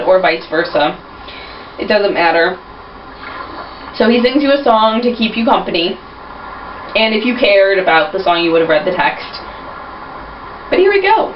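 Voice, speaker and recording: A woman's voice: mid-range voice, moderate pace, slight background noise. A young woman chatting casually and rambling as she narrates a video game. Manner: chatty, rambling, self-deprecating. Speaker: gameplay narrator. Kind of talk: casual gameplay commentary. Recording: roomy, distant, dull, with game music.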